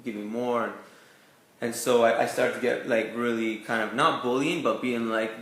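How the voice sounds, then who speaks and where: A man's voice: mid-range voice, steady tone, normal speed, gravelly, a bit bright, echoey room, slight background noise. A young man from Canada, an actor telling his career story in a casual interview, full of "like" and "you know". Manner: chatty, lots of "like" and "you know" fillers. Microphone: video call.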